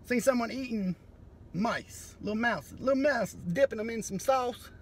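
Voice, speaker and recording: A man doing a profane, sardonic comedy monologue that breaks into sudden loud bursts. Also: very high-pitched, moderate pace, a little hiss or hum.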